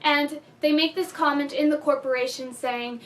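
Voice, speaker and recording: A bubbly woman chatting through a casual movie review with a bright, high voice. She talks like she's telling friends about it and keeps slipping into giggles. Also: fairly even intonation, moderate pace.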